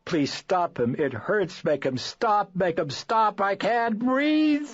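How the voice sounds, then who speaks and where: A man's voice: high-pitched, lively intonation, slow, lo-fi sound, voice pushed up, heavily acted. A man voicing a terrified young girl who screams and pleads for help. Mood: pleading.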